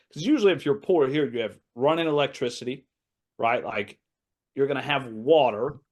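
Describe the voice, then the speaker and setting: Male, 30s, American, podcast guest, lively storyteller who voices other people. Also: mid-range voice. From United States. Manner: animated anecdote-telling, acting out quoted voices, laughs often. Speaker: assistant basketball coach, podcast guest. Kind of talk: casual storytelling in a podcast interview.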